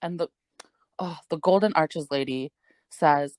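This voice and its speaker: Chatty young woman, low-pitched, dry sound. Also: unhurried, darkish tone, dry recording. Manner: rambling, heavy use of "like", frequent swearing and laughs. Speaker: podcast co-host. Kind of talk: casual storytelling chat.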